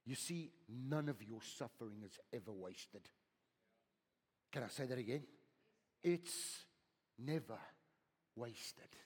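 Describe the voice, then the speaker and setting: Husky pastor preaching in a hall. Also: male voice, lively intonation, slow, long pauses. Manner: swings from loud, high exhortation to hushed whispers, repeating words. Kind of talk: sermon. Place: church hall. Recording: long hall reverb.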